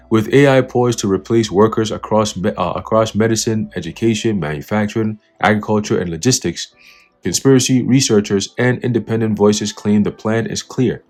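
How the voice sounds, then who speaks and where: A man with a low, husky voice delivers a heated religious commentary. He reads passages aloud and then tears into them, swearing and laughing scornfully between points. Faint music plays underneath. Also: a little mellow. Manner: profane, scornful, preachy, laughs at his own jabs. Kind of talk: fiery spoken commentary reading from an article.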